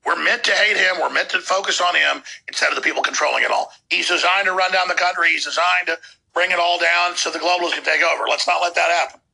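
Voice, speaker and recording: A man's voice: sits high, creaky, pushed and bright, husky, poor audio. A man hosting a show, delivering heated, sarcastic commentary between played clips. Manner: heated, sarcastic, rapid rants. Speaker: show host.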